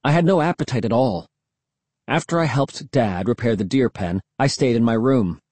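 A man narrating a first-person storybook in an expressive, tense storytelling manner. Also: medium pitch, normal speed, breathy edge, no echo. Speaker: audiobook narrator.

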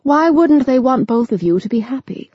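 A woman narrator voicing a gentle, loving elderly grandmother who speaks in a soothing, patient way. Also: high-pitched, lively intonation, moderate pace, slightly rough, no room sound, lo-fi sound, pitched above the performer's own voice.

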